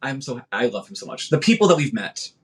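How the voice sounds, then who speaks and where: Husky, animated man telling stories. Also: mid-range voice, fast talker. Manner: animated storyteller, heavy "like" filler. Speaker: podcast guest, marching arts instructor. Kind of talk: casual chat.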